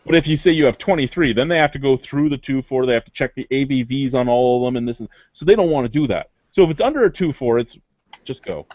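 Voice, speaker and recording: A man's voice: mid-range voice, fast talker, no room sound. Swearing man telling a story. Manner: animated anecdote teller, swears freely. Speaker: beer reviewer. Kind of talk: casual storytelling. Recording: dry, slightly muffled recording.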